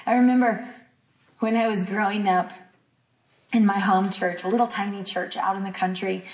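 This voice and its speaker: A woman's voice: medium pitch, fairly even intonation, normal speed, reverberant, distant mic. A woman raised on a ranch, giving an emphatic, sermon-style teaching at a healing school and repeating phrases for weight. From rural ranch country.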